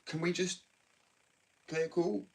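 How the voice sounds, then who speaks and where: A man's voice: sits high, level tone, a little slow. A young man from England ranting bluntly and ramblingly in a casual livestream, full of slang. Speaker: live streamer. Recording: distant mic with faint background noise.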